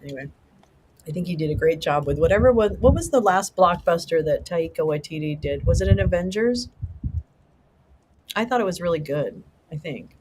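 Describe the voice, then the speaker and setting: A middle-aged livestream host chatting casually with viewers, excitable and rambling, swearing freely. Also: medium pitch, normal speed, a little hiss or hum, rough recording.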